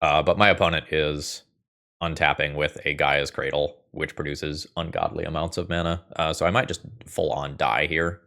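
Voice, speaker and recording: Low male voice, casual gameplay commentator, wry and muttering, thinks out loud. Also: level tone, normal speed, gravelly. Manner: wry, thinks aloud, swears when frustrated. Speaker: gaming video host.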